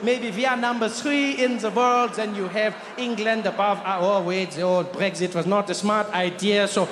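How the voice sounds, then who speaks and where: A man voicing a boastful man who keeps revising his country's rank, getting smugger and louder. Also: sits high, steady tone, normal speed, roomy sound, background noise, natural voice. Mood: smug, building. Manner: self-correcting, growing smug and loud. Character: boastful German man ranking his nation.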